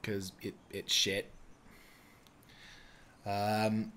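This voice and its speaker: A man's voice: on the low side, level tone, very slow, pushed and bright, slight background noise. A man casually commenting on his strategy game as he plays, rambling, swearing and breaking into fits of giggles. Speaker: gameplay commentator. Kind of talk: casual let's-play commentary.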